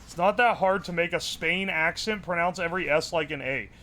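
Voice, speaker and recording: A man's voice: a little high, brisk, pushed and bright, a little hiss or hum. A man streaming live, joking with his chat and thinking aloud while he builds something. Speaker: livestreamer. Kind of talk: casual livestream chat.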